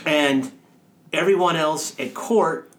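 A man's voice: fairly high pitch, slow, echoey room. A man who is a priest co-hosting a casual chat, joking and telling stories playfully. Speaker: priest co-host.

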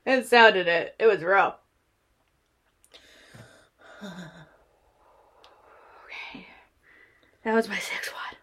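A woman's voice: mid-range voice, extremely slow, pauses often, fairly bright tone. A woman chatting casually on a stoner vlog, stoned, coughing and laughing, with crude slang. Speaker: vlogger.

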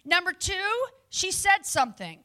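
A woman preaching a lively sermon to a live audience, with chatty asides to the listeners. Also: very high-pitched, moderate pace.

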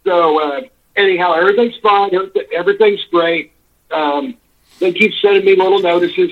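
Over a tinny phone line, a male caller with a high-pitched voice talks briskly. He tells a long, rambling complaint story, exasperated and swearing freely.

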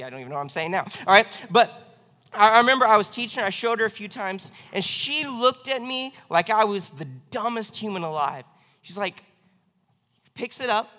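Young guy youth pastor preaching, high bright voice, big echoey church. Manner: animated, acts out quoted voices with big swings in pitch and loudness. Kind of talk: sermon. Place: church sanctuary.

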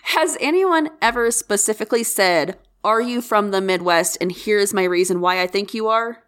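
A woman co-hosts a casual podcast at a middle pitch. She speaks earnestly, gives advice, and keeps the conversation on track. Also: normal speed, a bit bright, smooth. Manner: earnest, advice-giving, moves the talk along. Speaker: podcast co-host. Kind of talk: casual chat.

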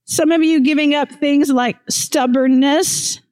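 High-voiced woman pastor, chatty sermon. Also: fairly even intonation, measured pace, low-quality recording. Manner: warm, laughing often, conversational.

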